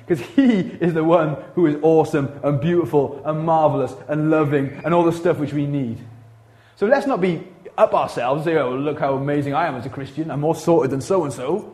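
A Welsh man delivers a lively sermon in a church, mixing casual slang with quick asides. He sits a little higher in pitch than most men and keeps things conversational. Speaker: pastor.

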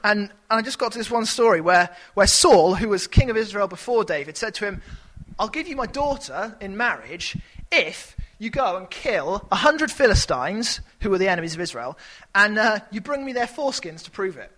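A man preaches in a relaxed, conversational way, turning animated whenever he acts out a scene. His voice sits high for a man, bright and forward. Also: moderate pace, low-quality recording. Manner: conversational and animated, with sudden shouted character voices. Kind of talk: sermon.

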